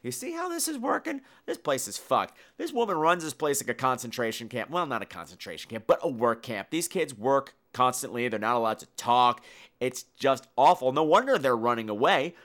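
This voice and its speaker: A man hosting a podcast, retelling a horror film in a campy, animated way. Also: medium pitch, a little fast. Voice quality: campy, animated storytelling with acted-out voices. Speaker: podcast host. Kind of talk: casual film review podcast.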